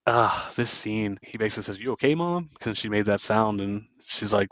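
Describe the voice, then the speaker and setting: A man's voice: on the low side, expressive, moderate pace, fairly bright tone, no room sound, lo-fi sound. A man hosting a casual podcast, retelling movie scenes and briefly acting out the characters' lines. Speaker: podcast host. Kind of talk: casual movie recap chat.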